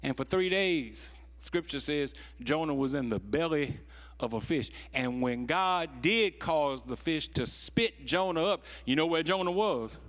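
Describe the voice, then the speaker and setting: A man in his sixties preaching a storytelling sermon, dropping to hushed tones and then rising to loud peaks, drawing out key phrases slowly. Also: a little high, lively intonation. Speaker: pastor.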